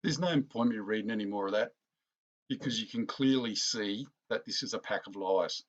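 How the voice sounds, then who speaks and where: A man's voice: lowish voice, normal speed, highs cut off. A man hosting a political commentary vlog, ranting indignantly and calling his viewers folks. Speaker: political commentary channel host.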